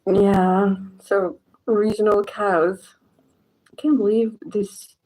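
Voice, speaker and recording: A woman's voice: mid-range voice, flat delivery, slow pace, dark tone, poor audio. A young woman from southern Morocco with a Moroccan accent, chatting casually in a vlog and laughing often. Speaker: vlogger. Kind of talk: casual chat.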